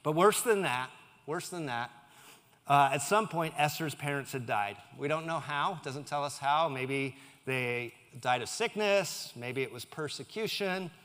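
A man's voice: on the high side, lively intonation, measured pace, fairly bright tone. Man preaching in a reverberant hall. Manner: conversational, with joking asides to the congregation. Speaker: pastor. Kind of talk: sermon.

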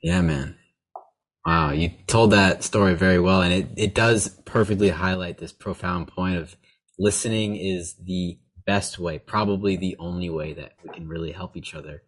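A male podcast host with a very low voice reflects on the conversation with his guest. He sounds thoughtful and enthusiastic, and he speaks in a casual, friendly way. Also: normal speed.

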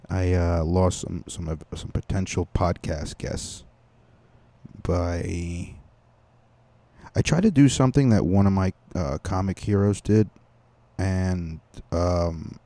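A man's voice: sits low, takes it slowly, dark tone, no room sound. A young man hosting a comedy podcast, rambling crudely in a casual monologue with many fillers and restarts.

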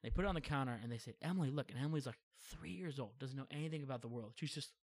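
A young man telling funny family stories in casual chat, animated and often acting out what people said. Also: medium pitch, rapid-fire. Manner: animated, acts out quoted voices, laughs often.

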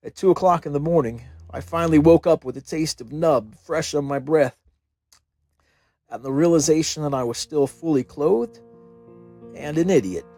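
An American man reads his own humorous memoir aloud with wry, self-mocking timing. His voice sits a bit high for a man and sounds dry and close-miked. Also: moderate pace, dark tone, no echo, soft background music. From United States. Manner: wry, self-deprecating storytelling. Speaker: chaplain and author. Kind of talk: humorous memoir audiobook narration.

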